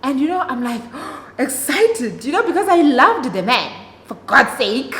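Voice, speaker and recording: Dramatic and chatty, this isiXhosa-speaking young South African vlogger shares a story-time video with her audience. She sounds a little high, bright and sing-song, unhurried yet barely pausing. Faint noise and long reverb fill the echoey room.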